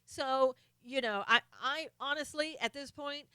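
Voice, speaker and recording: A woman's voice: sits high, moderate pace, sharp tone, clean tone, no echo. A woman hosting a live stream of political commentary, talking in an impassioned way and greeting viewers by name.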